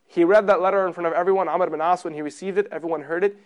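A man teaching a religious class in a sermon style, emphatic, putting rhetorical questions to his listeners and moving between loud stress and soft low passages. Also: steady tone, very fast, dull audio.

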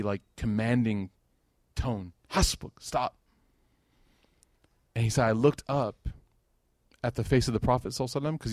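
A man's voice: medium pitch, a little mellow, no echo, clean studio sound. Man giving a casual, joking sermon. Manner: conversational, with joking asides. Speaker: speaker at a religious gathering. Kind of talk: informal sermon.

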